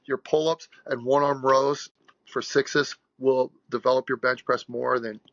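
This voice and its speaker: A man's voice: medium pitch, level tone, measured pace, fairly bright tone, dry recording, muffled recording. A man in his sixties, a strength coach being interviewed, telling stories bluntly and with animation. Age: 60s. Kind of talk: podcast interview storytelling.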